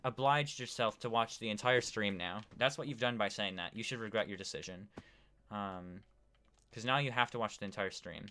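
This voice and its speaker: Casual guy streamer, lowish voice, clean and bright, lots of ums. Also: fairly quick, clean tone. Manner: rambling, talks to chat with many fillers. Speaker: gaming streamer. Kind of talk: casual live-stream chat.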